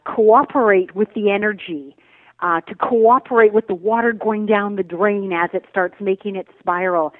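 A woman meditation teacher talks in a thoughtful, searching way, pausing often to find her words. Her voice comes over a tinny, narrow, phone-like line that sounds dry and close. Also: mid-range voice, dry recording. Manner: thoughtful, searching, with many "um" and "uh" pauses. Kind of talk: reflective spiritual interview talk. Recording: phone-like remote call audio.

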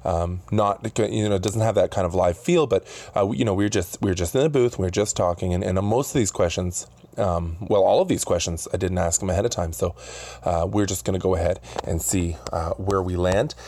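A man's voice: sits low, fairly quick, warm tone. A man hosting a podcast interview, rambling and chuckling between restarts. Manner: rambling, full of fillers and chuckles. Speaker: podcast host. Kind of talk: casual interview chat. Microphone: studio booth mic.

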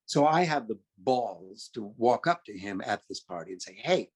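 With an expressive, lowish voice and a breathy edge, an older man from California talks at normal speed. His rambling story about his career is chatty and full of self-corrections.

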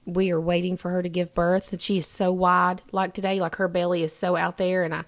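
On a podcast recorded in a rural home, a woman co-host spins a story in casual conversation, animated and laughing frequently. She speaks briskly, her pitch fairly low.

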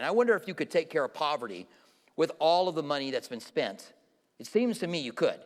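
A man with a fairly high voice teaches scripture in a conversational way, stopping to quiz his audience. His voice carries a long reverb from a large hall. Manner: informal, questions the audience directly. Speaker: Bible teacher. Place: church hall with a live audience.

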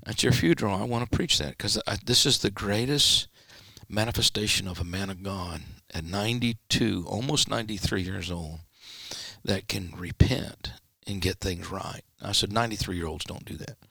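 Gravelly low-voiced pastor telling a story. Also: male voice, moderate pace, pushed and bright, no echo, clean studio sound. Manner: acts out quoted dialogue with sudden jumps in pitch. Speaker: pastor, guest. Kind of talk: storytelling in a podcast interview. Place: church studio.

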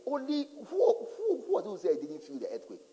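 In a big church hall with long reverb, a male pastor delivers his sermon in a high voice at a slightly quick pace. His storytelling is animated and dramatic, full of acted-out voices and asides.

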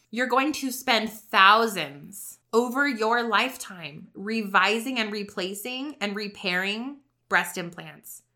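This is a woman in her thirties talking straight to her listeners in a heartfelt podcast monologue. Her voice is bright and forward, with a mid-range pitch. She sounds earnest and close to tears. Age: 30s. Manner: earnest and emotional, choking back tears. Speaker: podcast host. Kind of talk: personal monologue.

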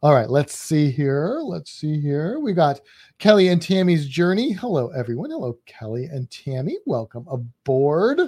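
A man's voice: on the high side, very animated, moderate pace, dark tone. Chatty, jokey man on a live stream. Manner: chatty, jokey, reads chat comments aloud. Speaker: podcast co-host. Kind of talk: casual live-stream chat.

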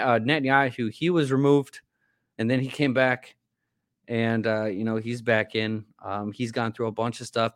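Guy cohosting a podcast, rambly, lots of ums and restarts, mid pitch, dry close mic. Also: smooth, no echo. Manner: rambling, many fillers and restarts. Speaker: podcast co-host. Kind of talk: casual political podcast chat.

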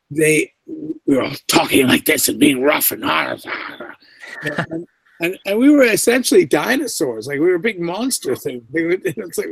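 A man, an actor being interviewed, telling stories in a lively way, acting out the lines he quotes, with lots of "you know" along the way. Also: mid-range voice, no room sound. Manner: animated, acts out quoted lines, many fillers. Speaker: voice and screen actor, guest. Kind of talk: casual interview storytelling.

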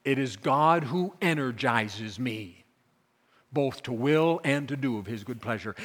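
A man preaching a sermon as pastor, repeating key phrases and swinging from quiet explanation to loud, emphatic peaks. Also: medium pitch, animated, a little slow. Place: church sanctuary. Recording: long reverb of a church hall.

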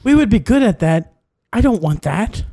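A man co-hosting a podcast, reacting quickly and asking joking questions in casual chat. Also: sits high, big pitch swings, dark tone. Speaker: podcast co-host.

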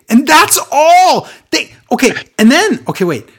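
Male podcast co-host, sarcastic and ranting, very animated pitch. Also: moderate pace, few pauses. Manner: sarcastic, rants and mimics wrestlers. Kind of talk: casual podcast chat.

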